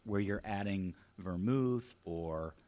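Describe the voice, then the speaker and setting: A man's voice: low voice, slow pace. A man co-hosting a casual podcast, talking at length and filling gaps with um. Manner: chatty, lively, fillers like um. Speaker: podcast co-host. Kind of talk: casual chat.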